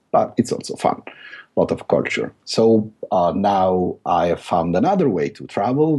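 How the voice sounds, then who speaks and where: A man's voice: low voice, darkish tone, husky. A middle-aged man with a thick Italian accent, a guest author talking through a podcast interview with many fillers and restarts. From Italy.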